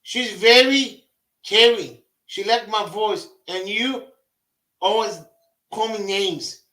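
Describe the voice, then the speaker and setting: Man in his forties, high bright voice, slow halting delivery, echoey room; casual livestream co-host. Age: 40s. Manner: halting, broken phrasing with repeated words. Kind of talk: casual chat.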